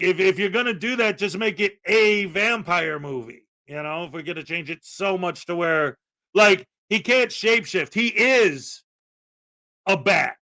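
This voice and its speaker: Excitable high-voiced man hosting a live stream. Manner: excitable, bursts into loud exclamations; chatty and rambling, many fillers. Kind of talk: casual live-stream chat, greeting viewers.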